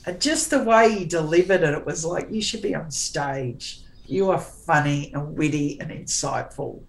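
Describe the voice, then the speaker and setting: Low-voiced forthright woman in her forties. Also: rough recording. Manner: forthright, sarcastic, talks in quick restarts. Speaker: guest author. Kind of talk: candid interview chat.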